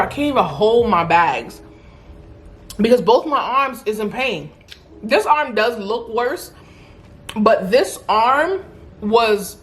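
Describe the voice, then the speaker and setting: A young woman spins a storytime tale straight to her viewers, slangy and emphatic, jumping into quick impressions of everyone she met along the way. Her voice sits at an ordinary middle pitch, and soft music hums faintly beneath her. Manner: animated, acts out quoted voices, slangy and emphatic. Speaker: beauty vlogger telling a story. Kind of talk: casual storytime while eating.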